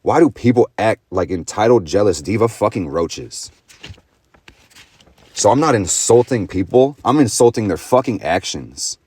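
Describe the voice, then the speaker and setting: A man's voice: fairly low pitch, sing-song, moderate pace, a little mellow, husky, no room sound, clean studio sound. A young man in a profane, intense motivational astrology monologue, full of slang and swearing. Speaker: astrology vlogger.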